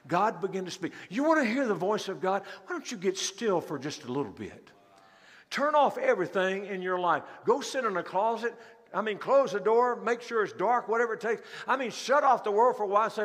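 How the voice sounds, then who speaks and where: A male pastor preaching in an animated, emphatic manner with a fairly high voice. His sermon rings through a large church, and the long reverb trails after each phrase. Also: moderate pace. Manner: animated, emphatic, acts out scripture scenes. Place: church sanctuary.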